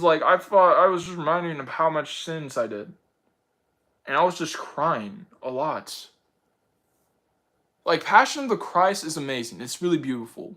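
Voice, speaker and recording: Young male host, casual, rambly and eager, slightly high, very animated pitch. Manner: excitable, rambling, heavy use of "like" and "bro". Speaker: channel host answering viewer picks. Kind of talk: casual chat.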